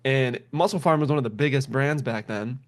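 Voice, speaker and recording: A young man telling a story in casual chat, animated, swearing and laughing often as he acts out what people said. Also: medium pitch, a little fast.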